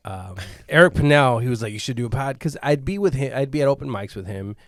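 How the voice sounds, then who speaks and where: A man's voice: mid-range voice, expressive, quick pace, dry recording, clean studio sound. A man hosting a podcast at a comedy club, chatting casually and rambling, often trailing off and starting over. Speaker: podcast host. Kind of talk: casual chat.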